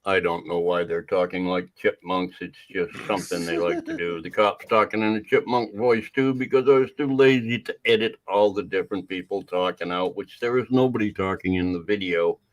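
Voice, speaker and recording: Man, low voice, laid-back narration, self-deprecating, offhand. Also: steady tone, a little fast, hardly any pauses. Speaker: video creator.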